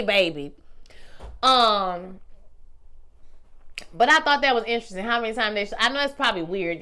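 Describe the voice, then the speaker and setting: Chatting casually about a TV series she's reviewing, a woman vlogger with a bright, salty voice stays animated, going from loud exclaiming to low musing. She addresses viewers as y'all and baby and uses salty slang.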